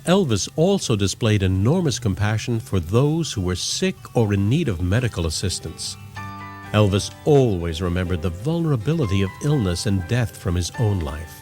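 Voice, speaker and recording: A man narrating a documentary in a measured, expressive way. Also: lowish voice, faint music behind.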